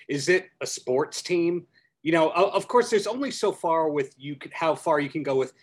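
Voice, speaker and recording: A man's voice: fairly high pitch, expressive, measured pace. A man hosting a podcast, asking long, chatty questions in a casual interview.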